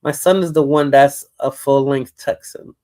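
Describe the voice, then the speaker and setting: A woman's voice: very deep voice, steady tone, normal speed, warm tone. A woman with a New York accent hosting a casual live stream chat, rambling and repeating words as she talks. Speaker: livestream host.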